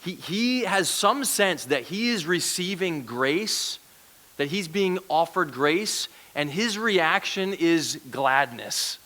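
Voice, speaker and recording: A man's voice: on the high side, lively intonation, slow, pushed and bright. A man giving a conversational sermon as a guest preacher, asking the congregation questions. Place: church.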